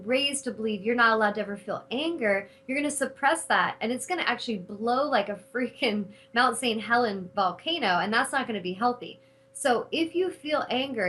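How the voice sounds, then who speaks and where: A middle-aged woman hosting a spiritual talk show, speaking in an animated, casual way and cursing freely when she retells her anger. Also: a little high, low-quality recording. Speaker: host.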